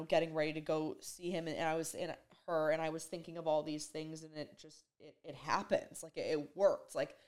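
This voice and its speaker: Young female vlogger, slightly low voice, emotional and rambling delivery, casual to-camera storytelling. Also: a little mellow. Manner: rambling and emotional, heavy use of "like".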